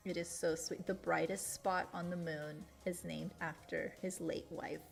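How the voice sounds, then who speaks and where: Chatty woman streamer with gravelly voice. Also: fairly low pitch, little pitch movement, measured pace. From Latin America. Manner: chatty, laughs often, emotional. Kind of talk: casual stream chat. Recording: faint music behind.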